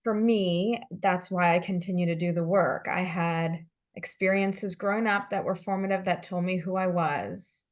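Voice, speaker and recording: A woman hosting an interview, asking thoughtful, measured questions. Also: fairly low pitch, fairly even intonation. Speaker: podcast host, interviewer.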